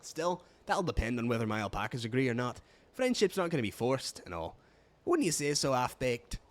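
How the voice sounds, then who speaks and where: A man voicing a friendly, rough-spoken male alpaca herder in a put-on Scottish accent. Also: medium pitch, sing-song, a little fast, close to an everyday voice.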